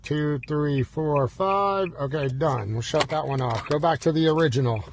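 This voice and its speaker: This hands-on demo comes from inside a car, where a locksmith talks through key programming one button press at a time. His voice sits slightly high for a man and has a gravelly texture, moving at a moderate pace and punctuated by fretful, joking bursts of pretend panic. Some light hiss can be heard in the background.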